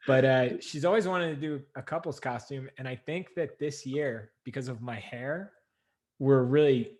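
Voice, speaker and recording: A man hosting a livestream chat over a video call from home, chatty and quick to laugh, often restarting his sentences. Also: mid-range voice, a little mellow. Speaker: livestream host.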